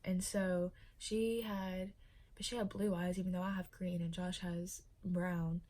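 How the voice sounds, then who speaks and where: A woman's voice: on the low side, little pitch movement, unhurried, warm tone. A young pregnant woman chatting casually in a vlog, emotional and full of fillers. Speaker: vlogger.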